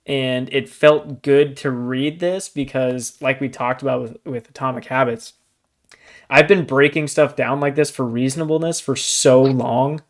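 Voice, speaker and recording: A man's voice: medium pitch, a little slow. Chatty young man on a book podcast. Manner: chatty and animated, says "dude" and "like" often. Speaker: podcast co-host. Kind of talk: casual book discussion.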